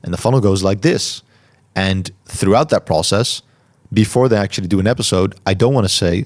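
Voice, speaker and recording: A man hosting a podcast, answering listener questions in a calm, reflective way and articulating each word carefully. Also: fairly low pitch, brisk. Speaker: podcast host. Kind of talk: solo Q&A talk.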